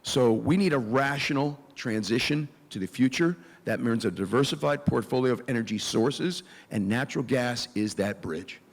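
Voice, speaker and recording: A man speaking as a candidate at a forum, answering forcefully and laying out plans point by point. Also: mid-range voice, animated, moderate pace, hardly any pauses. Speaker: political candidate. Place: event hall. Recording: long hall reverb.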